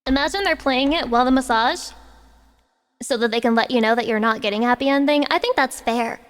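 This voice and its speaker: On a karaoke livestream, a woman with a high voice talks fairly quickly and her sound trails off in a long reverb. She rants to her chat with profanity and sarcastic mock mourning, then sings loudly along to backing tracks.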